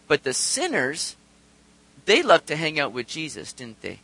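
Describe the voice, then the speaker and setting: A man preaching a sermon in an animated way, asking rhetorical questions and acting out the voices of the people he quotes. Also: a little high, unhurried, low-quality recording. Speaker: pastor.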